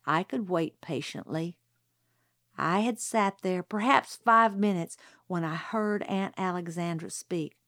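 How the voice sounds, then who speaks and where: Woman reading an audiobook, steady unhurried telling, dead-dry close mic. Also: mid-range voice, no room sound. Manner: even, unhurried storytelling. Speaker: audiobook narrator. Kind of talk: first-person scripted narration.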